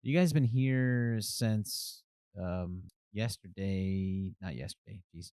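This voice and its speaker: Smooth-voiced relaxed man as game master. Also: lowish voice, takes it slowly, no echo. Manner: relaxed, chatty, with many fillers. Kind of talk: narrating a tabletop game.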